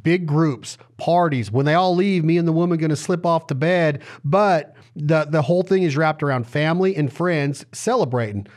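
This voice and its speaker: A man's voice: on the high side, normal speed, hardly any pauses, darkish tone. A man hosting a podcast over a video call, joking and riffing on wordplay, with a Western American accent. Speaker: podcast host. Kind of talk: casual chat.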